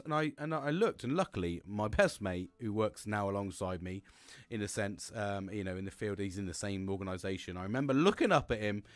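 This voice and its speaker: A man's voice: fairly low pitch, animated, fairly quick, no room sound. A middle-aged man hosting a podcast, telling a personal story in a frank, rambling way and swearing constantly. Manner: frank and heavily profane, rambling with restarts. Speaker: podcast host.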